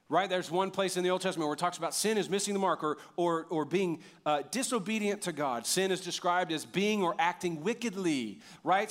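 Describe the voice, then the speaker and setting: A pastor preaching a conversational sermon, asking the congregation questions and often repeating words as he goes. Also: on the high side. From United States.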